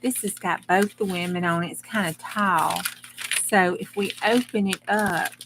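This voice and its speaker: While crafting on a livestream, a woman chats with her live audience in a rambling, folksy way, talking to the chat as she works. Her voice is medium-pitched and steady at a moderate pace. The background is noisy.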